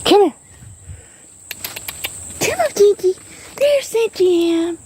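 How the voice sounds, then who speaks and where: A woman vlogging on a walk in the woods, cooing at her kitten and getting excited about what she finds. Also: very high voice, slow, a little hiss or hum. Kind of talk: casual nature vlog. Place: outdoors in the woods.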